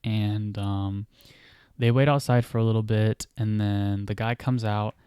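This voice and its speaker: A man's voice: on the low side, fairly even intonation, a little slow, dark tone, clear, resonant tone, dry recording, studio quality. A man hosting a podcast, casually telling a story in a rambling way full of "like" and "you know.". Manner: rambling, filler-heavy, many "like" and "you know". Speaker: podcast host. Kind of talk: casual storytelling of a book idea.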